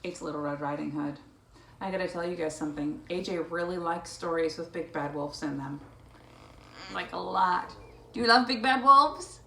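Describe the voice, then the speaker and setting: A woman reading picture books aloud to a child, playful and animated, breaking into animal sounds. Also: lowish voice, normal speed, creaky. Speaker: storytime reader. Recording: echoey room, faint noise.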